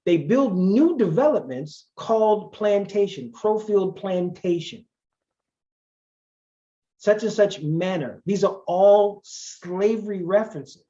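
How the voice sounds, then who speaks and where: A man's voice: fairly high pitch, dark tone, lo-fi sound. Emphatic man lecturing. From Charleston, South Carolina. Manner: emphatic, conversational, wry asides. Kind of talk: guest lecture.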